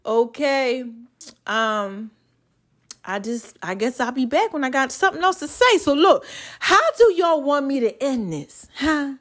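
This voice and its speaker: A woman with a slightly high voice, chatting in a rambling, folksy way on her podcast. She sounds worn out, yet she keeps exhorting her listeners like a small sermon. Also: expressive, moderate pace. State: tired. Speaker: podcast host. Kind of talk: casual, preachy motivational chat.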